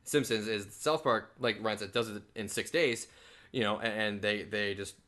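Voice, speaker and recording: A man co-hosting a casual podcast, agreeable and quick to chime in with short affirmations. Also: lowish voice, sharp tone. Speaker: podcast co-host.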